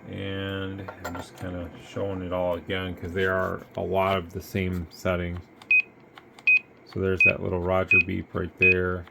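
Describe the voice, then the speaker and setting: Man, deep gravelly voice, flat delivery, tired, rambling radio demo. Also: very noisy. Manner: rambling, easygoing. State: tired, yawning. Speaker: radio seller demonstrating gear. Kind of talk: casual product demo.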